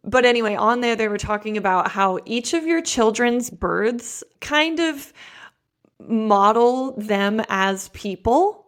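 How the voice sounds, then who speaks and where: A woman's voice: on the high side, animated, slow. A young woman hosting a podcast, chatty and supportive, often answering her guest with short affirmations. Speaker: podcast host. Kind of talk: casual interview chat.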